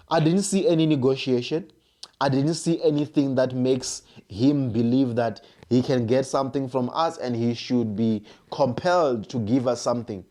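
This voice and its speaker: Emphatic man, mellow voice. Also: medium pitch, normal speed. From South Africa. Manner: emphatic, repetitive, rhetorical questions. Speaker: political commentator. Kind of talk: opinion monologue to camera.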